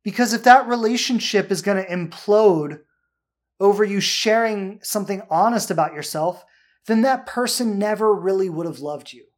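A man with a high voice for a man talks through listener questions as a relationship coach. He is earnest and direct, and he often adds "right?" to check that the listener follows. His tone is that of a coaching show. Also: moderate pace.

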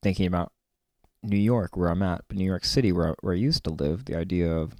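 A man muses through a reflective spiritual talk about a card reading, and his low voice carries a gravelly rasp. He wanders between thoughts with drawn-out words and the occasional whispered aside. The sound is dry and close, with no room around it. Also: mellow, no room sound. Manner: meandering and musing, with many fillers and stretched-out words. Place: on his own land.

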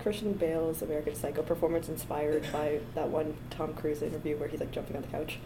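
A woman's voice: sits low, flat delivery, fast talker. A young Canadian woman with a Canadian accent, chatting casually and giggling, with lots of "like". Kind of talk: casual chat. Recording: audible background noise.

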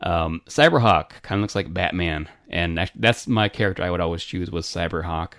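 Podcast co-host, male, very low voice, dry close sound, easygoing rambler. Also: moderate pace, dry recording. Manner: relaxed, rambling, many fillers and restarts. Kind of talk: casual retro gaming chat.

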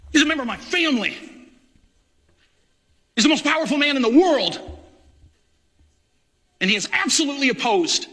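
A man's voice: sits high, pushed and bright. A man, a parish priest, preaching an impassioned, indignant sermon in a church.

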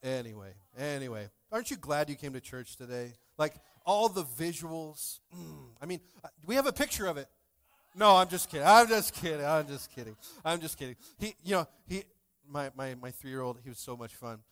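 A man in his thirties preaching a sermon in a church, full of jokes and playful asides to the congregation, swinging between loud bursts and soft asides. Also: fairly high pitch, animated, normal speed. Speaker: pastor. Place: church sanctuary.

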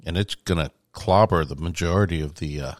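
A man, co-hosting a casual chat and telling stories in a relaxed way. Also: low-pitched, a little fast, no echo, clean studio sound. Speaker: co-host.

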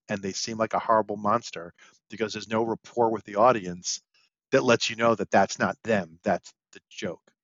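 A man co-hosting a podcast, telling a story about his improv show in a lively way. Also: lowish voice, dry recording, dull audio. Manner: animated storytelling, acts out quotes. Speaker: podcast co-host and improv performer. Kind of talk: casual storytelling chat.

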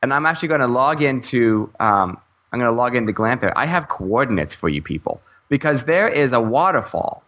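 A man's voice: mid-range voice, animated, a little fast, a bit bright. A man co-hosting a gaming podcast in casual chat, rambling with fillers and laughing often. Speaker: podcast co-host.

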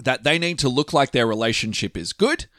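A man's voice: mid-range voice, expressive, brisk, bright, forceful tone, dry recording, clean studio sound. A man in casual podcast chat, laying out his guess of a film's plot with frequent restarts. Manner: rambling, restarts, laughs often. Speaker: podcast co-host.

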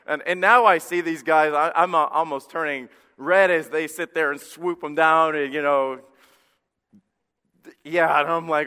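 Bright, clear-voiced man preaching a sermon. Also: on the high side, measured pace. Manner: animated storytelling, self-deprecating. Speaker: pastor. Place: church hall. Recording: long hall reverb.

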